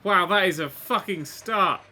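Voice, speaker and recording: A man giving casual let's-play commentary, excitable and sweary, swinging from quiet mutters to loud exclamations. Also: sits high, measured pace. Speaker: gaming YouTuber.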